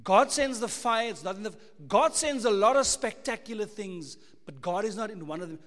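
A South African man preaching a sermon, emphatic, full of rhetorical questions, swinging between loud and hushed. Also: sits high, expressive, moderate pace, few pauses, in a large hall. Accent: South African English.

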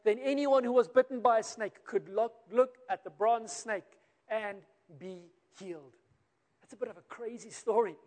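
A man with a South African accent preaching a sermon, telling a story and acting out the quoted voices, rising and then dropping to a quiet close. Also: extremely high pitch, moderate pace. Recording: long reverb of a large hall.

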